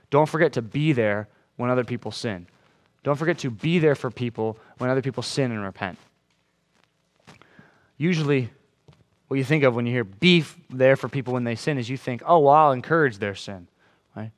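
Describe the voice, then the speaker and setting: A man preaching a sermon to a congregation in a room, talking conversationally, checking in with "right?" and acting out quoted lines in changed voices. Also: mid-range voice. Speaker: pastor.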